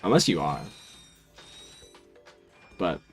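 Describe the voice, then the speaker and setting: A man's voice: deep voice, big pitch swings, slow, faint music behind. A man streaming a video game, chatting casually with his viewers in a laid-back, dry, teasing way. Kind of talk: casual stream chat while gaming.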